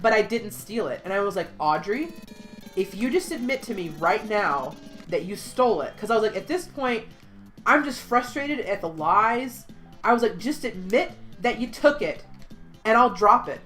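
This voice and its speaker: A woman telling a story in casual chat, animated, swearing freely and acting out what people said. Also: medium pitch. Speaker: podcast host.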